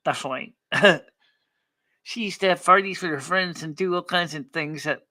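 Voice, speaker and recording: A woman's voice: on the low side, normal speed, sharp tone. A woman hosting a live chat stream, telling stories in a chatty, gossipy way with frequent laughter. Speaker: livestream host. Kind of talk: casual chat.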